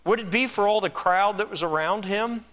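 A man delivers a sermon in a bright, forceful voice that sits a little high for a man. He moves from quiet, reflective stretches to rising, emphatic preaching. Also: moderate pace. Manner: builds from soft reflective to loud emphatic preaching. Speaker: pastor.

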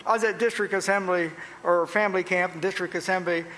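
A male pastor from Pennsylvania preaching a sermon, telling folksy stories, booming on emphasis and dropping to quiet asides. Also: steady tone, quick pace, big-room sound, slight background noise, rough recording.

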